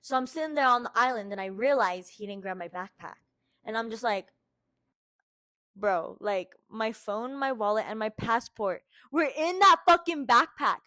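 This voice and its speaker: A woman's voice: on the high side, normal speed. Young american woman telling a story. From United States. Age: young adult. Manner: lively, swears constantly, acts out her own quotes. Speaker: podcast host. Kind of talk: casual storytelling.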